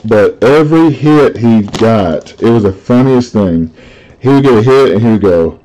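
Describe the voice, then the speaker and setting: A man's voice: lowish voice, lively intonation, normal speed, mellow, slight background noise, rough recording. A man hosting a live card break, chatting casually, telling stories and reading out the cards he pulls. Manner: chatty storyteller, laughs easily, reads out cards.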